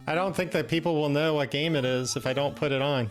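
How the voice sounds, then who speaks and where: A man's voice: a little high, quick pace, soft background music. A man hosting a live stream, chatting casually with many fillers and restarts. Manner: relaxed, rambling with many fillers. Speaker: stream host.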